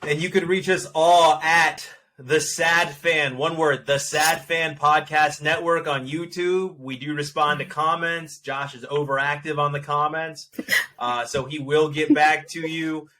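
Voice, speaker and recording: A man's voice: on the high side, unhurried, slight background noise. A man co-hosting a podcast, telling funny stories in casual chat and laughing often. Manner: joking, animated storyteller who laughs often. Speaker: podcast co-host.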